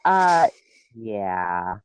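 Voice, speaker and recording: A woman's voice: a bass voice, very animated, extremely slow, clean tone, dry recording, low-quality recording. A woman guest talking casually and bluntly, with crude humor and frequent laughs, over a remote call. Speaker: guest, piercer. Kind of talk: casual podcast chat.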